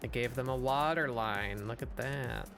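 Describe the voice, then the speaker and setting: A man's voice: mid-range voice, a little slow, a bit bright, soft background music. Giggly man teasing friends on a call. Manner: giggly, teasing, casual swearing. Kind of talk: casual chat while drawing.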